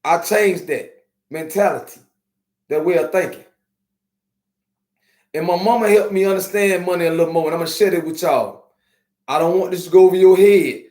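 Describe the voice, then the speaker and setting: A man hosting a podcast, talking casually and streetwise to his viewers, slowing down to preach his points. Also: high voice, darkish tone. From Miami. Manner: streetwise, preachy, drawn-out slow emphasis. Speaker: podcast host. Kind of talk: casual live-stream talk to viewers. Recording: echoey room.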